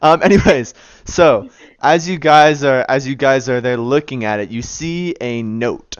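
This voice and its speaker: A man's voice: mid-range voice, measured pace, smooth, no echo, muffled recording. A man narrating as game master in a tabletop game, loose and chatty, often breaking into laughter.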